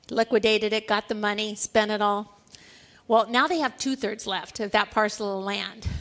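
A woman preaching a sermon, telling a parable with animated storytelling, acting out the quoted lines and laughing often. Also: fairly high pitch, creaky.

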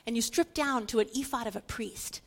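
Animated woman teaching scripture. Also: a little high, fairly quick. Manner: animated, emphatic, dramatizes quotes, repeats for stress. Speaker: Bible teacher.

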